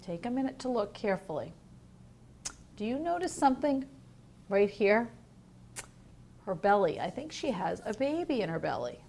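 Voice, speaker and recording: A woman teacher reading a picture book aloud to young children in a home learning video, gentle and asking the listener questions. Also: medium pitch, sing-song, moderate pace, vocal fry, long pauses, a little hiss or hum. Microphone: home video recording.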